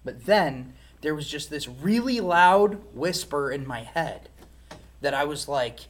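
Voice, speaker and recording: A man's voice: on the high side, animated, slow. A man speaking as an interview guest, giving a candid personal testimony in a reflective, frank way.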